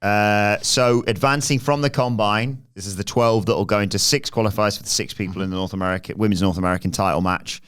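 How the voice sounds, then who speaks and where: A man's voice: on the low side, steady tone, fast talker, hardly any pauses, a bit bright, clean tone. A man co-hosting a podcast, recapping events in a casual, offhand way. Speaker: podcast co-host. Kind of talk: casual wrestling recap chat.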